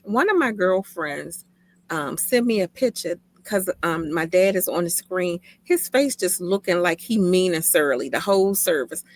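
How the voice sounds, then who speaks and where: A woman's voice: fairly low pitch, animated, normal speed. A woman in casual podcast chat, telling family stories in an emphatic, teasing way. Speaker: podcast co-host.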